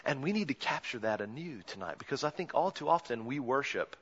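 Man preaching with dramatic hushed-to-shouting swings. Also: mid-range voice, animated, brisk, husky. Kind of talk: sermon. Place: church sanctuary. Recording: muffled church recording with long reverb.

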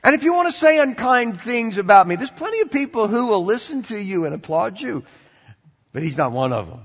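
A male pastor preaching a sermon, swinging from loud animated passages to quiet conversational asides. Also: sits high, fairly quick, breathy edge, long reverb tail, dull audio. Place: church sanctuary.

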